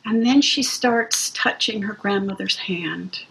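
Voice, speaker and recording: Woman, interview storytelling, gentle, reflective, breathy. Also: medium pitch, measured pace, rough recording. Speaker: music practitioner playing for hospice patients.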